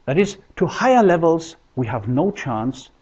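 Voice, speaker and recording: A man giving a measured, explanatory linguistics lecture, with deliberate pauses. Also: a little high, sing-song, a little mellow, husky. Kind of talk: recorded university lecture. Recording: dull lo-fi lecture recording.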